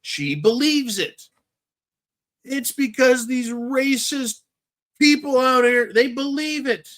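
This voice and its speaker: A man's voice: very high-pitched, slow, fairly bright tone. A man from California hosting a show, giving blunt, profane, rambling political commentary in answer to viewer questions. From California, USA. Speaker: host.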